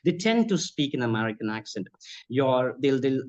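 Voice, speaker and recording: A man, a spoken trainer answering interview questions in an expressive way. He laughs often and keeps saying ma'am. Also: mid-range voice, normal speed.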